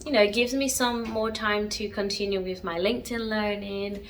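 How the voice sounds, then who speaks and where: A woman's voice: mid-range voice, fairly even intonation, moderate pace, a little hiss or hum. A woman in her twenties chatting casually to viewers in a home vlog, laughing often and talking straight to camera. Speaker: vlogger.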